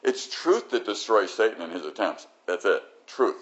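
An older male pastor delivers a sermon in a low voice. He swings from loud, emphatic exclamations to quiet, reflective passages. The recording is dull and lo-fi. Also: very animated, normal speed.

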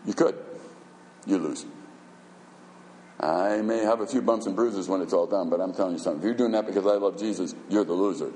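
A man's voice: low voice, a little fast, long pauses, dark tone, slight background noise. A man preaching a sermon as a pastor, emphatic and conversational, firing off rhetorical questions. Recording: echoey hall reverb.

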